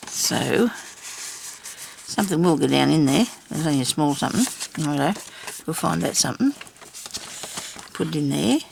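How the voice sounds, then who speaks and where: Seated at her table at home, an older woman hosts a journal video, keeping busy with cutting and inking while she chats to herself about her craft and laughs often. She speaks at a normal speed in a low, animated, slightly mellow voice with vocal fry and long pauses, against slight background noise.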